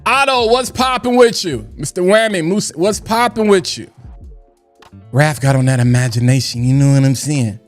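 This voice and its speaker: A man hosting a casual livestream chat, loud and playful, shouting out people in the chat and often asking "you know what I'm saying". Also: fairly high pitch, normal speed, soft background music. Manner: hype, animated, shouts out chat names; loud, playful, breaks into singing and scatting. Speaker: livestream host.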